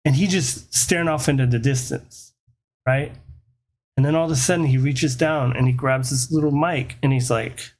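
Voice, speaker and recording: A young man casually telling a wild story from his past, animated and swearing freely. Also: medium pitch, moderate pace.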